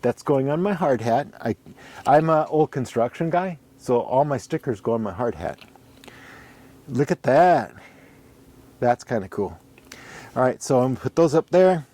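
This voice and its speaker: A middle-aged man with a medium-pitched, warm, animated voice talks casually at a normal speed while looking over an ax handle. He rambles and thinks aloud, counting and pointing things out to himself, with long pauses along the way. It feels like a relaxed workshop show-and-tell.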